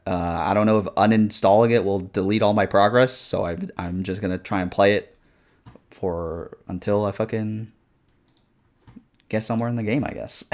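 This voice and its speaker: A man's voice: lowish voice, a little mellow. A young man streaming a video game and chatting casually with viewers in a loose, slangy way, cursing often and calling people bro. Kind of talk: casual gaming stream chat.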